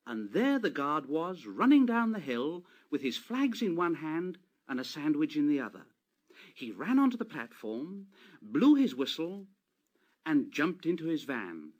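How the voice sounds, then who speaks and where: A man narrating a children's storybook in a slow, unhurried read-aloud manner. His voice sits a little high and moves a lot in pitch as he shapes each sentence. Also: sing-song. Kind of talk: storybook reading.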